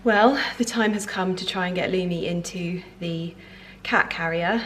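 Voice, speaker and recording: A woman's voice: lowish voice, measured pace, fairly bright tone, a little hiss or hum. A woman chatting casually to camera as a vlogger, talking in an emotional way with plenty of fillers and restarts. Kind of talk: casual vlog chat to camera.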